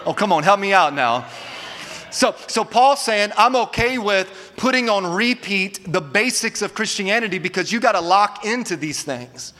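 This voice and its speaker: A man's voice: high voice, animated, moderate pace, bright, forceful tone, big-room sound. A man preaching a sermon as pastor, urging his congregation to respond and repeat words after him. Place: church auditorium.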